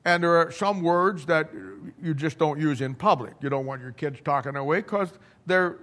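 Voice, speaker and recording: A middle-aged man preaching in a loose, conversational way, blunt and folksy. He stumbles and repeats words as he builds his stories. His voice sits a little high for a man. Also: normal speed, a bit bright. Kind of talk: conversational sermon storytelling.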